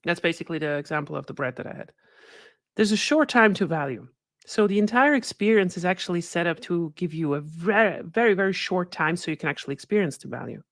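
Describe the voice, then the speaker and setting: A woman's voice: lowish voice, animated, fast talker, no echo. Dry, chatty woman giving a talk. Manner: conversational, keeps adding "right?" tag questions. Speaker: guest speaker. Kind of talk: webinar presentation.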